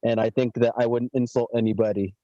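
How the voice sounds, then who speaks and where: Male podcast host, mid-pitched, casual and earnest, swears freely. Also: level tone, fast, dark tone, no echo, lo-fi sound. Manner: profane, earnest, talks of cannabis growing. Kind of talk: casual chat.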